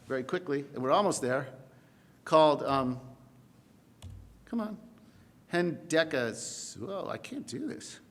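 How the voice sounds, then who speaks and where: A man teaching a poetry class, animated and playful, often breaking off mid-thought. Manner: animated, playful, self-interrupting. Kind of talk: classroom lecture. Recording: echoey classroom with faint rumble.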